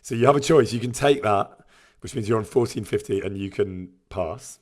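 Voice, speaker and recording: A man's voice: on the low side, normal speed, a little mellow. A man chatting casually on a live stream, reading out viewer messages and laughing often.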